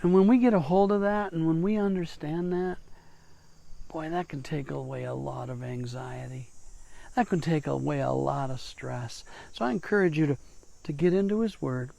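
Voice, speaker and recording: Gravelly, relaxed church pastor. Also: male voice, a little high, moderate pace. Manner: conversational, with small restarts and playful asides. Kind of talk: short devotional message.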